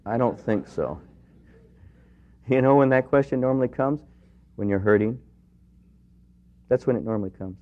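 A man preaching a sermon in an earnest way, rising to emphatic questions and dropping to quiet, personal moments. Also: mid-range voice, normal speed, pauses often. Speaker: pastor. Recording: dull lo-fi recording.

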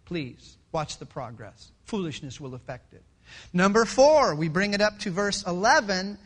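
A middle-aged male pastor preaching a sermon with passion, swinging from loud to hushed. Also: high voice, animated, moderate pace.

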